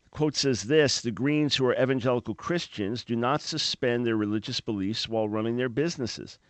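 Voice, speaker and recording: Emphatic preaching radio host, dry sound. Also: male voice, mid-range voice, brisk, dry recording. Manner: emphatic, repeats words when starting phrases. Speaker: radio talk show host.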